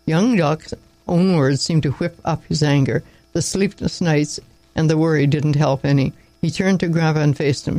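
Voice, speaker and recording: A man reading a story aloud in a steady voice, with occasional slips and restarts. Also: a little high, normal speed, no echo, rough recording. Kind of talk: storybook narration read aloud.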